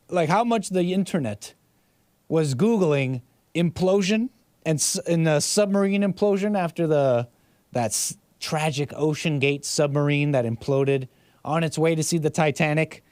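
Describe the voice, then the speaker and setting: A man's voice: fairly high pitch, a little mellow, dry recording. A man hosting a casual livestream, reading viewer messages and rambling sarcastically with frequent restarts. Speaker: livestream host.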